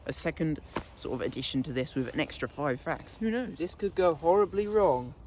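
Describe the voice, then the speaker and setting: A man's voice: a little high, fairly quick, darkish tone, a little hiss or hum. A man chatting casually to camera outdoors in a goat pen, laughing often and scolding his animals. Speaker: vlogger. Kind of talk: casual vlog talk.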